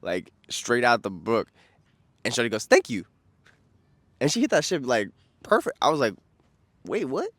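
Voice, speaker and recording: A young man from New York with a New York accent, rambling casually and excitably about a trip, slangy and profane, losing his train of thought. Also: medium pitch, moderate pace, pauses often, no echo. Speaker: vlogger.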